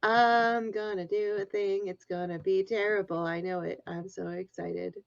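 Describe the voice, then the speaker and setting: A woman joins a tabletop game over an online call. She talks in a giggly, self-mocking way, at a middling pitch. Her microphone sounds dull and lo-fi. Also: steady tone, measured pace, creaky, no echo. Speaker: player.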